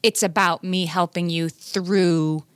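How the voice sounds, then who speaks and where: A woman speaks thoughtfully in an easy podcast chat, stumbling a little as she works through her points. Her voice is somewhat low. The sound is dry and close. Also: steady tone, slow pace, clear, resonant tone, dry recording. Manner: thoughtful, cites sources, small stammers. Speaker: podcast co-host. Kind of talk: casual parenting chat.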